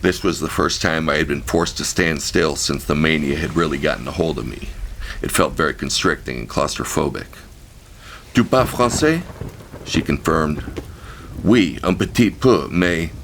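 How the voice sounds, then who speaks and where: A man reads his memoir as an audiobook, frank and vivid, with crude language. His voice is extremely deep and gravelly. A faint hiss of noise sits behind him. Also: a bit bright. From United States. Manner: frank, profane, vivid storytelling. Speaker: author-narrator.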